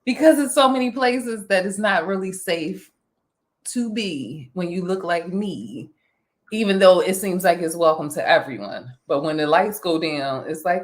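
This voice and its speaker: A woman hosting a casual chat, animated and talkative, laughing often. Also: lowish voice, normal speed. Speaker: vlog host.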